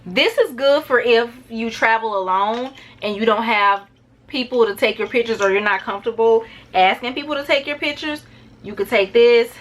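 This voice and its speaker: A woman's voice: fairly high pitch, a bit bright, slight background noise. A woman chatting her way through a casual packing vlog, rambling a little and talking to her viewers as y'all. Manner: talks fast at times to keep it short. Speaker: travel vlogger.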